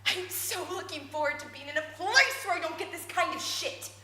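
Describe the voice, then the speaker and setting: An actress playing a manic, defiant woman arguing with her husband, excitable with brittle laughter. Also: very high voice, moderate pace, exaggerated voice. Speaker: drama student in a showcase scene. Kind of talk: dramatic two-hander scene. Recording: echoey room with hiss.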